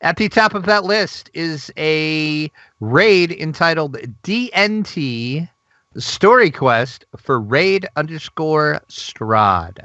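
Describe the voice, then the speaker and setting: Male co-host, excitable and gushy, casual gaming news chat; dry close sound. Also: on the high side, takes it slowly, no room sound, dull audio. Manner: excitable, gushing, laughs often. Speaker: podcast co-host.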